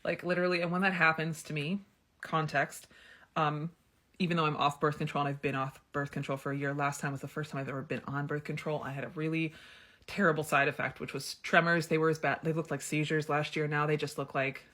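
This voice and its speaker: Fairly quick and flat, a low-pitched, slightly bright female voice belongs to a storyteller vlogger in her thirties. She shares a candid personal tale in a chatty manner, using many fillers like "like" and "um."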